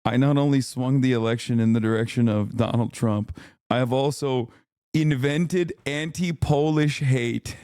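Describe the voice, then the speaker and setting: A man's voice: medium pitch, a little slow, warm tone, clear, resonant tone, no echo, clean studio sound. A man streaming from home, chatting casually with his viewers in a brash, profane way and laughing often. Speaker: streamer reacting to a video. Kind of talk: casual live-stream chat.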